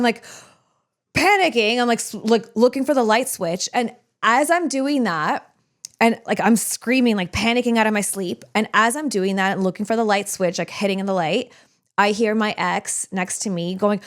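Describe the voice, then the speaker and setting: Young adult woman, podcast guest, animated, filler-heavy, casual storytelling. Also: on the high side, moderate pace.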